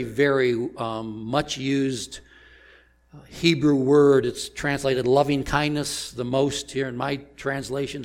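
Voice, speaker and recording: A man preaching a sermon as pastor, slow and deliberate, asking the congregation rhetorical questions. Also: mid-range voice.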